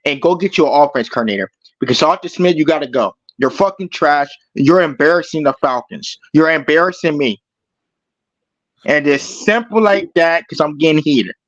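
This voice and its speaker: A man with a somewhat high voice calls in to a fan show, ranting angrily at a moderate pace, swearing and repeating himself as he gets more worked up. The audio is lo-fi, with no echo.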